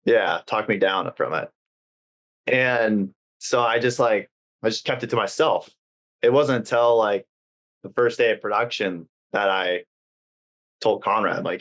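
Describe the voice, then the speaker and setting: Young man, earnest, low-pitched, full of 'like'. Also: a little slow, long pauses, fairly bright tone. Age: young adult. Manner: earnest, heavy use of 'like', hesitant restarts. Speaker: guest. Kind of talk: casual interview talk.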